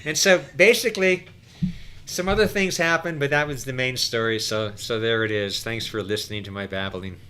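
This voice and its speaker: A middle-aged man, a podcast guest, telling an animated, profane story. He acts out every quote and swings from hushed to loud. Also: mid-range voice, moderate pace, a little hiss or hum. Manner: profane, excitable.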